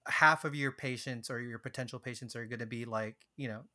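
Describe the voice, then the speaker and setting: A man's voice: medium pitch, fairly even intonation, a little fast, bright, forceful tone. A man co-hosting a podcast, asking curious follow-up questions in casual chat. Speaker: podcast co-host.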